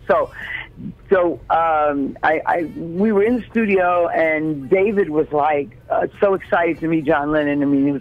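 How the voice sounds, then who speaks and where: Chatty woman from Chicago, phone-like sound. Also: low voice. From South Side Chicago. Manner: animated, repeats words when starting sentences. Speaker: interview guest, singer. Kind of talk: casual storytelling.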